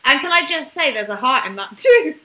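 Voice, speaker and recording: High, lively, excitable woman. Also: a little fast. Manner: excitable, exclamatory, playful. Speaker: co-host. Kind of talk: casual chat.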